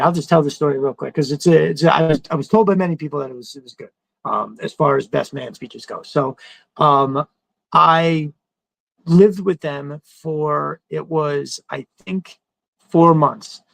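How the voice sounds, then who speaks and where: A middle-aged man hosts a podcast, spinning a casual story with plenty of swearing and animated, high-pitched quotes. His voice is slightly high with a gravelly fry, and the recording is dry and close. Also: normal speed, no room sound, rough recording. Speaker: podcast host.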